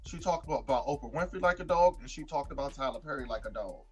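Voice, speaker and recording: Animated woman chatting on a podcast. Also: quick pace, faint music behind. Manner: animated, acts out quotes in a higher voice. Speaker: podcast co-host. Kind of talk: casual chat.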